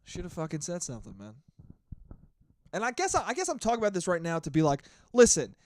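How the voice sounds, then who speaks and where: A man's voice: high-pitched, fast. A man in his twenties hosting his own podcast alone, ranting in a casual, profane, rambling way. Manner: animated, profane, rambling rant. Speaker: podcast host. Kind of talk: casual solo podcast monologue.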